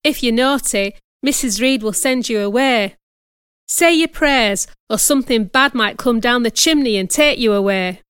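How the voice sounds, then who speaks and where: A woman's voice: fairly high pitch, moderate pace, clean tone, dry recording, clean studio sound, close to an everyday voice. A woman voicing a kindly nursemaid who warns and comforts a child in a storybook reading. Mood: warning. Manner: gently warning.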